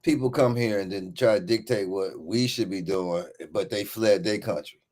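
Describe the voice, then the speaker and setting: A man co-hosting a casual chat. He speaks haltingly, with hesitations and fillers. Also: on the low side, darkish tone. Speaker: co-host.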